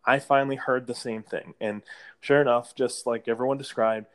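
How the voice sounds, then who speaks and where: Guy rambling thru a work story, mid-pitch voice, stops and restarts, chuckles here and there. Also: fairly even intonation, normal speed. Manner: rambling anecdote with restarts and light laughter. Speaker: property manager guest. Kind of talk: casual interview storytelling.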